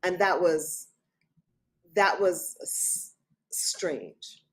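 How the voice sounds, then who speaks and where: A woman's voice: lowish voice, drawn-out words. A woman guest on an interview show, recounting a personal story in vivid detail and often quoting what others said. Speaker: author guest.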